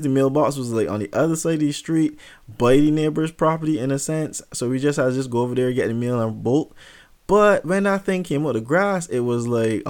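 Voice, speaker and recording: A young man casually telling a funny story in an animated, profane and self-mocking way. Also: medium pitch.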